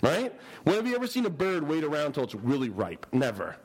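A man's voice: a little high, brisk, husky, rough recording. A male preacher telling a humorous story in a sermon and asking his listeners questions. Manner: animated, humorous, asks the audience questions.

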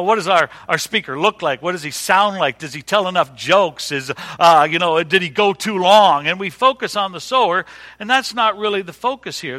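A man's voice: high-pitched, bright, forceful tone. A middle-aged male pastor preaching a sermon in a folksy way, repeating words and using dry humor. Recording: long hall reverb.

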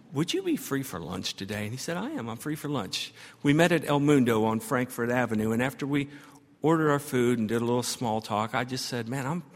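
A man preaching a sermon as pastor, telling a story and building to emphatic, repeated phrases. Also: mid-range voice. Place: church sanctuary. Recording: long church reverb.

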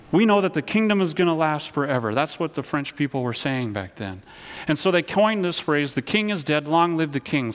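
A man preaching a sermon as pastor, earnest, often repeating words and leading his listeners in call-and-response. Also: a little high. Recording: long hall reverb.

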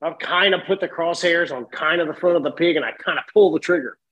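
A middle-aged man telling animated stories as a podcast guest, laughing often. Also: on the high side, quick pace, highs cut off. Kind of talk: casual storytelling.

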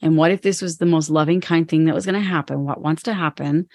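A woman co-host with a fairly low voice talks through personal experience in a candid, reflective way, sometimes acting out her inner voice. The recording is dry and close, with little room sound. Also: fairly even intonation, fast, a little mellow, no room sound. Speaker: podcast co-host and business owner. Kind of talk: casual podcast conversation.

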